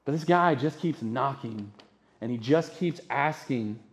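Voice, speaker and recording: A man's voice: medium pitch, unhurried. A man preaching a sermon as pastor, conversational, often asking the congregation rhetorical questions.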